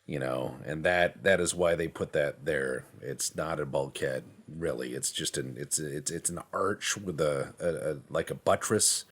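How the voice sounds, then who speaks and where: Low husky guy rambling over a strategy game, does little voices for made-up convos. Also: a bit bright. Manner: joking, acts out imagined dialogues in quick quoted voices; mumbles to himself while navigating menus. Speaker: gameplay commentator. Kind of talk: rambling gameplay commentary.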